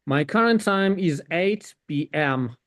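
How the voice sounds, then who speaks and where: A young man co-hosting an online call, chatting casually and joking in a slow, easygoing way. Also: fairly high pitch, animated, a bit bright. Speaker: event co-host. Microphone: video call.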